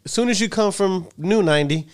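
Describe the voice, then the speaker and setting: A man's voice: high voice, fairly quick, no room sound. A middle-aged man, telling a rambling, profane story in casual podcast chat. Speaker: podcast co-host.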